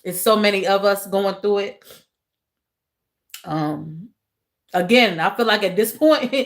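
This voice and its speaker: Woman livestreaming, emotional and repetitive. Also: mid-range voice. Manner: repeats phrases, talks to chat as y'all; soft, emotional. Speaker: livestream host. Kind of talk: casual livestream chat with viewers.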